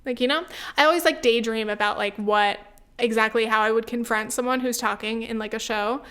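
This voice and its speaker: Chatty young woman, smooth voice. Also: on the high side, a little fast, a bit bright. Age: 20s. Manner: chatty, swears freely, full of "like" and "um". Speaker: podcast host. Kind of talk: casual solo podcast chat.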